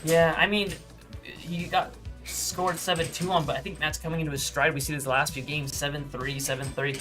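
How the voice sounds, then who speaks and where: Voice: medium pitch, flat delivery, normal speed, fairly bright tone. A co-commentator talking through a live air hockey match. The speech is loose and rambling, full of fillers, over faint background music. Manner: rambling, casual, many fillers.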